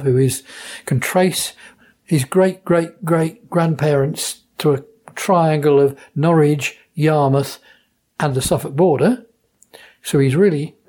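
A man's voice: fairly high pitch, warm tone. A man from Norfolk with a Norfolk accent, explaining dialect words in an enthusiastic, explanatory way during an interview. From Norfolk, England. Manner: enthusiastic, explanatory, playful with pronunciations. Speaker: dialect society member. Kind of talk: interview answers.

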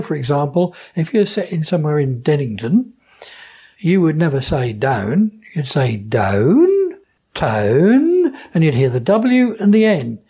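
Mellow husky man with a Norfolk accent. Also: on the high side. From Norfolk, England. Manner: enthusiastic, explanatory, playful with pronunciations. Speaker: dialect society member. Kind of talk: interview answers.

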